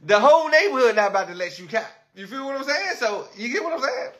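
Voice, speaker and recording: Animated DC man rambling on a livestream. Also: extremely high pitch, quick pace. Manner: animated, rambling, repeats himself. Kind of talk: casual livestream chat.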